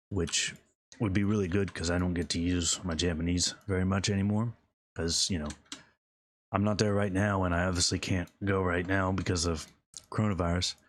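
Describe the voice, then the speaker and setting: A man with a very low, deep voice talks loosely over his gameplay. He rambles, chuckles to himself, and often drifts off mid-sentence. It sounds like an unscripted recording of someone talking while he plays. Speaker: gaming streamer. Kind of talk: casual gameplay commentary.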